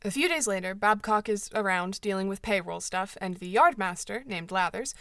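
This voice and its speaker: A woman's voice: mid-range voice, moderate pace, sharp tone, dry recording. Woman recapping an old book, dry close voice, wry little jokes. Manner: wry, joking asides. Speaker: book club host. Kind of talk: book summary and commentary.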